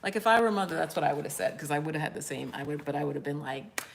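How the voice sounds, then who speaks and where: A woman's voice: sits low, rapid-fire, vocal fry, slight background noise. A woman in her fifties from Jamaica, with a Jamaican accent, chatting casually on a live stream as a spiritual life coach. She tells stories animatedly, acts out quotes and laughs often.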